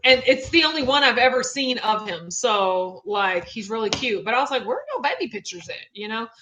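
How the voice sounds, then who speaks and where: A woman's voice: a little high, sing-song, fairly quick, background noise. A young woman hosting a casual livestream, bubbly and chatty, reading viewer comments aloud. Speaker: livestream host.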